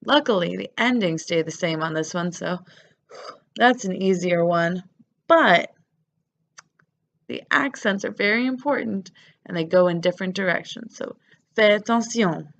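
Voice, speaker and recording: A woman's voice: on the low side, a little slow, creaky, long pauses, lo-fi sound. A woman teaching French grammar, patiently spelling out verb endings letter by letter. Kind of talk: grammar lesson.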